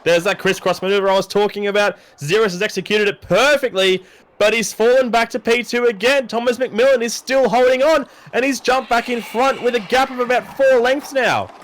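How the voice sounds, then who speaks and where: A man commentating a sim horse race, excitable and jokey in his play-by-play. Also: extremely high pitch, brisk.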